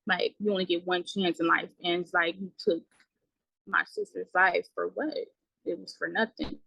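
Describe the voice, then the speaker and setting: A young woman speaks haltingly, stopping often on fillers as she recounts a painful story. Her voice sits low yet sounds bright and forward. The recording is dry and close. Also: creaky, breathy edge, no room sound, low-quality recording. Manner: halting, many fillers, quiet trailing words. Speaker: guest. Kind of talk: emotional personal account.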